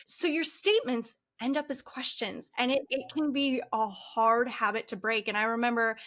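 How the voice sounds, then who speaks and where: Higher-voiced woman podcast host. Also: moderate pace, hardly any pauses, a bit bright. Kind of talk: conversational interview.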